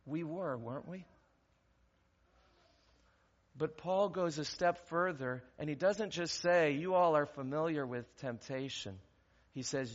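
A male pastor delivering a sermon, asking rhetorical questions and building to loud, emphatic stretches. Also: a little high, unhurried. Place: church sanctuary. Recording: long reverb, dull lo-fi church recording.

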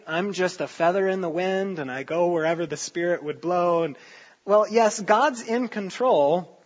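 High-pitched guy preaching, chatty sermon, keeps saying right? okay?, muffled lo-fi audio. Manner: conversational, often checks in with "right?" and "okay?". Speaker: pastor. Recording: dull lo-fi sound.

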